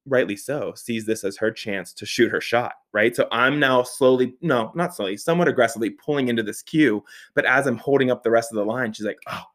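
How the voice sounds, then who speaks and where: Laughing man telling a wild story. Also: mid-range voice. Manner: animated, profane, laughing often while telling the story. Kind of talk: casual anecdote telling.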